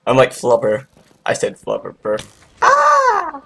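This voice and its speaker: A young man chatting excitedly while playing a game with a friend, often laughing and getting loud. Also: medium pitch, slow pace, creaky. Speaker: gamer. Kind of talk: casual gaming chat.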